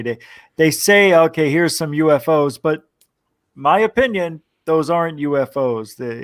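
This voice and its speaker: A man in a casual podcast chat, excitable and quick to jump in. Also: mid-range voice, no echo, studio quality. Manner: excitable, interjecting. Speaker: ufology podcaster.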